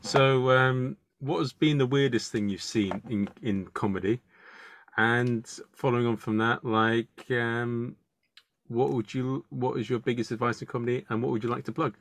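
A man hosting a casual podcast interview, asking questions in a relaxed way with fillers. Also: mid-range voice, moderate pace, a little hiss or hum. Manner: laid-back questioner with fillers. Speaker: podcast host.

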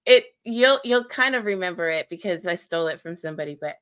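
A woman's voice: lowish voice, lively intonation, quick pace, a bit bright. A woman guest in a casual podcast chat, giggly and self-deprecating.

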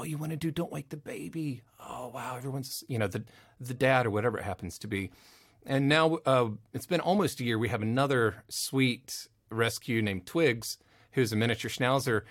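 A man's voice: mid-range voice, no echo. A man who works as a voice actor at a recording studio, telling rambling stories in a casual interview and slipping into playful quoted voices.

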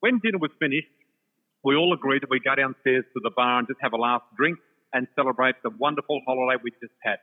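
A man telling an animated personal story, laughing often and acting out the other voices, from a shopping centre. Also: medium pitch, fast talker. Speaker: storyteller guest. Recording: tinny phone line with long reverb.

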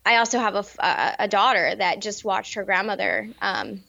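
A woman in her thirties speaking candidly in an interview, halting often with fillers and restarts. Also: medium pitch, expressive, creaky, sharp tone, muffled recording. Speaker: interview guest. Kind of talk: personal interview.

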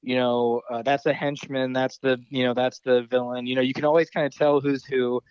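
A man's voice: mid-range voice, level tone, a little fast, darkish tone, clear, resonant tone, no room sound, dull audio. A man co-hosting a podcast, chatting casually about a film, rambling, laughing easily and swearing now and then. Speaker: podcast co-host. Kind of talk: casual chat.

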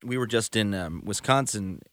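A man's voice: fairly low pitch, moderate pace, a bit bright, no echo. A man, a touring musician, telling stories in casual conversation, rambling and full of fillers. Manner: rambling storyteller, many fillers.

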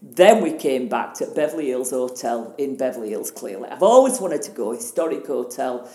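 A Northern English woman in her sixties, a guest telling a personal story in an interview, blunt and animated, swearing freely. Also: extremely low pitch, normal speed, echoey room. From Northern England. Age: 60s.

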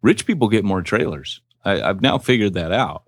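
A man co-hosting a podcast, telling stories in an animated, jokey way. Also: on the low side, moderate pace, no echo. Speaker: podcast co-host. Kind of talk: casual chat.

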